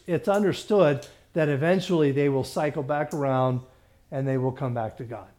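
A man's voice: medium pitch, moderate pace, darkish tone. A man pastor leading a Bible study in a conversational way, often restarting and checking that the group follows him.

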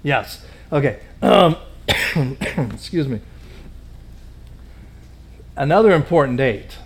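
A man preaching a Bible teaching, reading scripture and explaining it in a relaxed, conversational way with fillers and asides. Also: fairly high pitch, slow, creaky. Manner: reads scripture aloud in King James wording. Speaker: pastor.

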